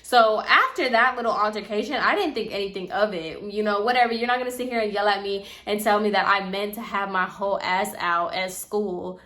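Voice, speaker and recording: A young woman vlogger telling a casual storytime in a slangy, animated way, acting out the voices of the people she quotes. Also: mid-range voice, fairly quick, few pauses. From Puerto Rican heritage.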